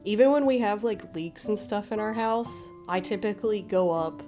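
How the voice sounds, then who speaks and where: A woman doing casual live-stream commentary, gushing and excitable, laughing often. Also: mid-range voice, moderate pace, soft background music. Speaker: livestreamer.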